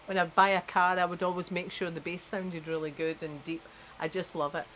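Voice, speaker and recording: A woman's voice: fairly low pitch, flat delivery, brisk, fairly bright tone, a little hiss or hum, poor audio. A Scottish woman, a guest on a livestream, chatting casually, giggly and a bit self-conscious. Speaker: stream guest. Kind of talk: casual chat.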